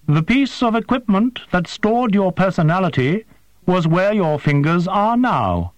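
A man voicing a small, dark, winged female alien creature who speaks in a precise, formal, matter-of-fact way. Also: high voice, big pitch swings, a little slow, no room sound, dull audio, voice pushed up. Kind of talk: audiobook character voice.

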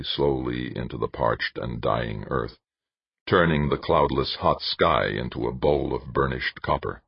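A man reading scripted narration in a measured, descriptive way. His voice is very low and husky. The recording is dry, close and dull. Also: no room sound. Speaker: audiobook narrator.

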